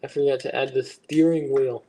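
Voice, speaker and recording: A man's voice: medium pitch, fairly even intonation, fairly quick, dark tone, a little hiss or hum. A young man hosting a casual livestream while he builds, chatting and rambling as he answers viewers. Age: young adult. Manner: chatty and rambling, reading chat aloud and answering it. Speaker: livestream host.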